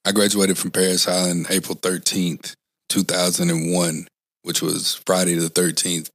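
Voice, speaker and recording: Man, 40s, low voice, earnest, rambling, restarts, casual interview, dry recording. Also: little pitch movement, normal speed, fairly bright tone, no echo. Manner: earnest, rambling, frequent restarts and "you know what I'm saying". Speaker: interview guest, former Marine.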